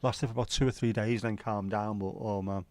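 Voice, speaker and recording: A man's voice: on the low side, fairly even intonation, brisk, a little mellow, no echo. Cheeky man chatting to viewers. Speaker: livestream host. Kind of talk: casual chat reading viewer comments.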